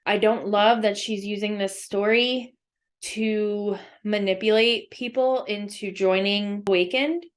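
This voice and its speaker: A woman comments casually on a clip she is watching. She is blunt and openly critical, talking at an ordinary everyday pitch. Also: fairly even intonation, a little slow. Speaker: video reactor commenting on a clip.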